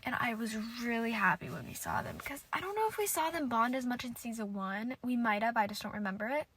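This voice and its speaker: A woman's voice: fairly high pitch, animated, fast talker, fairly bright tone, a little hiss or hum. A young woman hosting a casual solo podcast, rambling through a recap with lots of "like" and restarts, sometimes dropping to a near whisper. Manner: rambling, heavy use of "like", frequent restarts. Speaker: podcast host.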